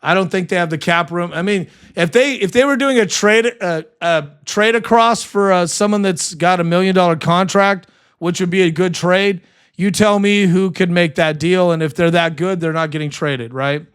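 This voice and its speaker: A man's voice: high voice, moderate pace, fairly bright tone, clear, resonant tone. A man hosting a live sports stream, chatting casually and reading viewer comments, passionate and full of fillers.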